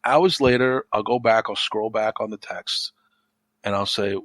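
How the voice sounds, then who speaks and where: A man's voice: lowish voice, normal speed, fairly bright tone, no echo. A man chatting as a podcast guest, telling stories with plenty of swearing and acting out the arguments he quotes. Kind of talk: casual chat.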